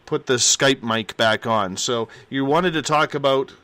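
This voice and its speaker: A man's voice: medium pitch, measured pace, bright, forceful tone, dry recording. A man hosting a late-night call-in radio show, greeting callers in an upbeat, friendly way.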